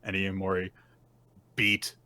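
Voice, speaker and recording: A man's voice: low-pitched, completely flat delivery, slow pace, bright, forceful tone. A man co-hosting a casual manga recap podcast, retelling scenes and acting out the characters' lines. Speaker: podcast co-host.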